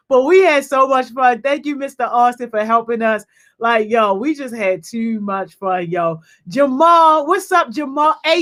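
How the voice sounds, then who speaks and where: High-voiced, lively woman hosting a video call. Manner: energetic, slangy, peppers speech with "yo" and laughter. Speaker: youth program host. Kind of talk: casual shout-outs on a video call.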